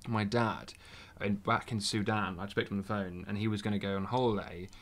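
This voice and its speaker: Young man, podcast guest, brisk delivery, lowish voice, lively storyteller. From Britain. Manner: animated anecdote-telling. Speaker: podcast guest, round-the-world scooter traveller. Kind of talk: casual interview storytelling.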